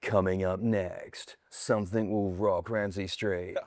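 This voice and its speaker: A man putting on the voice of a male TV promo announcer, slow and dramatic in delivery. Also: low-pitched, flat delivery, darkish tone, no echo, voice pushed down.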